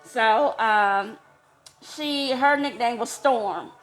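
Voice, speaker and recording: Slow-talking chatty woman, laughs a lot. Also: soft background music. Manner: chatty, laughs often, squeals high when excited. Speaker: vlogger. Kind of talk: casual storytelling. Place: homeless shelter.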